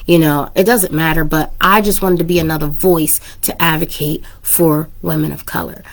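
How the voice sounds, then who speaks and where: A woman's voice: deep voice, fairly even intonation, normal speed. A woman in her thirties hosting her own podcast, talking casually and earnestly to listeners, getting emotional and teary at times. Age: 30s. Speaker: podcast host. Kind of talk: casual personal talk to listeners.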